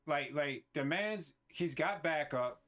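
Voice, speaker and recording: A man on a casual podcast hands out blunt, scolding advice. His voice is a bit higher than most men's, and he talks plainly and firmly. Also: lively intonation, slow, crowd noise. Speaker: podcast co-host. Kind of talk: casual chat.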